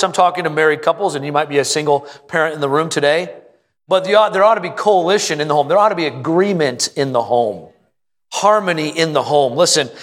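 Male pastor, sermon, emphatic repetitive preaching, fairly high voice, long church-hall reverb. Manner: emphatic preaching, rising to an excited pitch on repeated lines.

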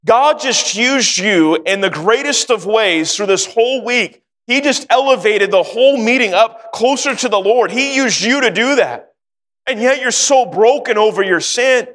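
High-voiced preacher in an echoing hall. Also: male voice, animated, moderate pace, fairly bright tone. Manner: earnest storytelling, rising to fervent exhortation. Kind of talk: sermon with personal story.

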